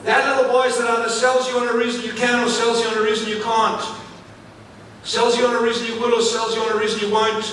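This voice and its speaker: A man from Africa giving an energetic live keynote speech on stage, repeating phrases and putting questions to the audience. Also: extremely high pitch, fast, a little hiss or hum. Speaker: motivational speaker. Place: large event venue, on stage. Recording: echoey hall, mic at a distance, faint ambience.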